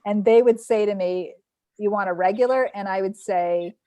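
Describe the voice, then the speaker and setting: A woman's voice: medium pitch, normal speed, dry recording. A woman from Long Island in a casual group chat, telling stories and acting out the quotes. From Long Island, New York. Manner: animated storyteller acting out quotes.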